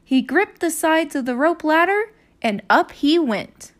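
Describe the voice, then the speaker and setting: A woman teacher hosting her own podcast, reading a children's chapter book aloud in a clear, expressive way. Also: high voice, measured pace.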